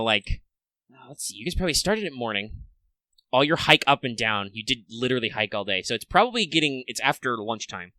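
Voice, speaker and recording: A man's voice: fairly low pitch, pushed and bright, no echo. A man running a tabletop game as game master, rambling with many fillers and restarts.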